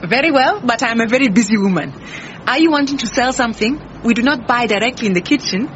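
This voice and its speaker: Actress as a defensive, brusque head cook, slightly muffled radio-drama sound. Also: female voice, fairly high pitch, expressive, fast, a little hiss or hum, natural voice. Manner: brusque, indignant.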